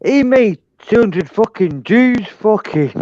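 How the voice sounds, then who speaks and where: A brash man, talking through earphones in a dull, dry, boxy sound. His voice sits a touch high, and he needles and swears his way through casual chat. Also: animated, slow pace, warm tone, no room sound. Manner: brash, profane, heckling. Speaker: panel guest.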